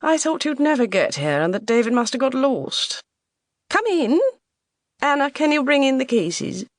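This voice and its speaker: Lady doing a loud gushy posh mum, way up high, bossy. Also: sing-song, moderate pace, dry recording, studio quality. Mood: gushing.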